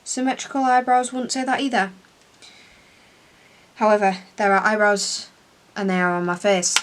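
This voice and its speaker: A woman's voice: medium pitch, little pitch movement, normal speed. Chatty English woman rambling through makeup. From England. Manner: rambling, self-deprecating, chatty asides. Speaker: beauty vlogger. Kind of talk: casual chat while doing makeup.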